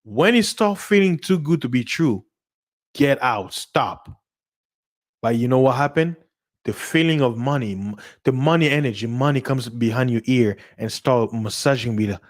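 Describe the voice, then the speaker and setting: Medium-pitched guy from africa doing a loose livestream chat, laughing a lot, repeating words. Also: moderate pace, dry recording, studio quality. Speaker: channel host. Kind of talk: casual livestream chat reading comments.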